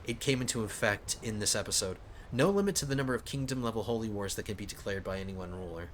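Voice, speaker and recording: A man's voice: lowish voice, animated, fast talker, fairly bright tone, slight background noise. A man hosting a strategy game let's play, thinking aloud and often stumbling over his words. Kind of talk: casual gameplay commentary.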